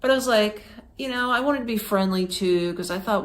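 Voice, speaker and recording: A woman's voice: mid-range voice, very animated, moderate pace, hardly any pauses. A woman from Florida hosting a podcast, telling a travel story in a chatty, casual way, full of fillers and acted-out quotes. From Florida, United States. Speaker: podcast host.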